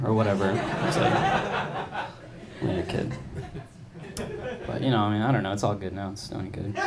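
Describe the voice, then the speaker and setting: A young male comic in his twenties rambles through a self-deprecating set, his voice sitting low. He leans on "like" and restarts as he goes. A live club crowd laughs behind him through steady noise. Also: moderate pace, long pauses. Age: 20s. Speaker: stand-up comedian. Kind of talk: stand-up comedy set. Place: comedy club stage. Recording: noisy live comedy club. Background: audience laughter.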